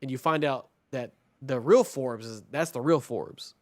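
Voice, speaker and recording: A man's voice: medium pitch, measured pace, no echo. A man co-hosting a podcast, recapping a movie plot in a rambling, profane way, full of "like" and acted-out quotes. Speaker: podcast co-host.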